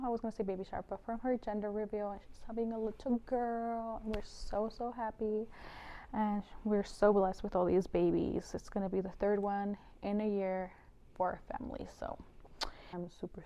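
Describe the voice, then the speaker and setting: An earnest young woman talks straight to her viewers in a casual home vlog. Her voice sits at a middling pitch, and she keeps the talk chatty and loose. The sound comes through a little dull and lo-fi. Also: dark tone. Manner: earnest and chatty, full of fillers like "you know". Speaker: vlogger.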